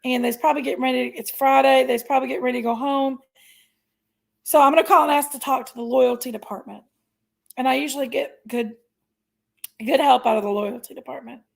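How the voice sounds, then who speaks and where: A woman's voice: high-pitched, steady tone, brisk, gravelly. A woman, chatting casually on a livestream and telling a story. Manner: chatty storytelling, venting, thanks viewers. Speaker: livestream host.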